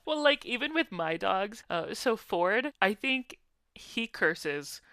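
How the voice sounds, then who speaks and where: A woman's voice: medium pitch, very animated, takes it slowly, a bit bright, clear, resonant tone, no echo, studio quality. A woman co-hosting a podcast in casual chat, friendly and chatty, often laughing. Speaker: podcast co-host.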